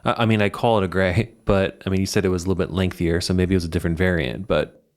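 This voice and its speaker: A man with a very low voice hosts a relaxed interview. He muses out loud as he asks his questions, and he often restarts a phrase before landing on his point. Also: fast talker. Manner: reflective, thinks aloud with small restarts. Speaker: podcast host. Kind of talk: conversational interview.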